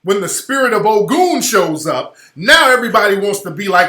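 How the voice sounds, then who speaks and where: Over a video clip, this radio host delivers slangy, emphatic commentary that rises in volume when he gets fired up. He speaks at a normal speed in a high, sing-song voice, and the sound is roomy and echoey.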